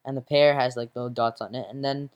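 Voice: medium pitch, fairly even intonation, fast, smooth. A presenter casually narrating a comic strip panel by panel, with fillers. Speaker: magazine presenter.

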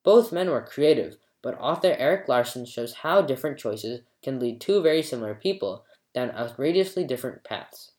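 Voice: mid-range voice, expressive, moderate pace, darkish tone, echoey room. A storyteller giving a scripted book review and then reading a folktale aloud with dramatic expression.

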